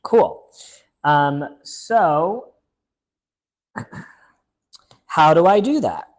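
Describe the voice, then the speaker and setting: A man's voice: on the high side, big pitch swings, very slow. A man hosting a casual solo board game playthrough, chatting upbeat as he thinks aloud and reads the story text. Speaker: board game channel host.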